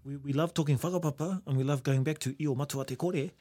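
A man's voice: fairly high pitch, fast talker, dark tone. A New Zealand man telling stories in a casual chat, reflective, laughing often and using Maori words.

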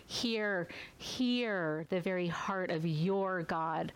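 A woman giving a tender, earnest Bible teaching for women and closing in prayer, slowing down as she reads scripture. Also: lowish voice, smooth, poor audio.

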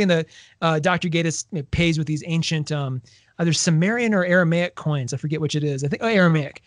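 A man co-hosting a casual chat, retelling scenes with lively acted-out quotes. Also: a little high, fast, dry recording, studio quality. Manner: animated storyteller, acts out quoted lines. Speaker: podcast co-host. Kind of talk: casual chat about a book series.

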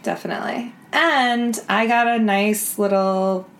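A woman co-hosting a casual podcast, giggly and fond of reading messages aloud in a mock-dramatic way. Her pitch sits in a middle range, with a faint hiss under the recording. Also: fairly even intonation, a little slow. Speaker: podcast co-host. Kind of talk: casual chat.

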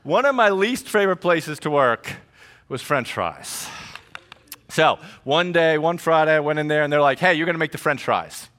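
Middle-aged male pastor, slightly high voice, jokey animated sermon delivery. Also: normal speed. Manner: animated storytelling with jokes and asides.

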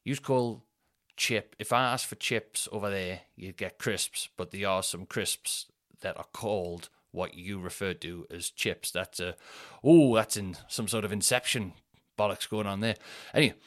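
A man's voice: fairly low pitch, normal speed, a bit bright. A Northern English man hosting his own podcast, talking alone in a rambling, sweary, self-mocking way. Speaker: podcast host. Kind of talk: casual solo podcast chat.

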